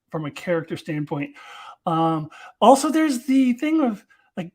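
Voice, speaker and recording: A woman's voice: low-pitched, darkish tone. A woman giving a casual live-streamed review of a TV episode, chatty and enthusiastic, with lots of fillers as she talks.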